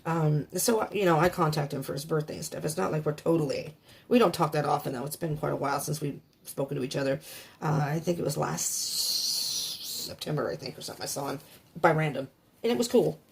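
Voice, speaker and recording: A woman's voice: sits low, quick pace, vocal fry, darkish tone, husky. Rambling woman giving a tarot reading. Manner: rambling, emotional, talks to herself. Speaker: tarot reader.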